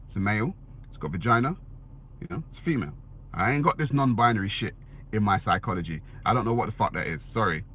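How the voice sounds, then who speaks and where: A man with a mid-range, breathy-edged voice gives a casual, blunt monologue of opinions and answers viewer comments. He swears and repeatedly says "you know what I'm saying." The recording has a dry, tinny, phone-like quality.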